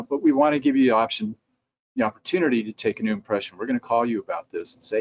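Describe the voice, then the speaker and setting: A middle-aged man who runs a dental lab gives a conversational training talk for dentists, now and then acting out their replies in quotes. His voice is medium-pitched and his pace quick. The lo-fi recording carries slight background noise.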